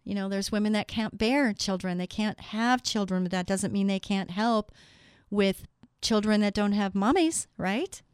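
Earnest middle-aged woman, smooth voice. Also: mid-range voice, moderate pace, no echo, clean studio sound. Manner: earnest and heartfelt, addresses listeners directly. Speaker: Christian speaker. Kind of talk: devotional talk with scripture readings.

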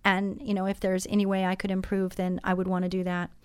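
Smooth-voiced woman hosting Christian radio. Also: mid-range voice, completely flat delivery, fast talker, a little mellow, no room sound, studio quality. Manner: conversational, many fillers. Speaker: radio show host.

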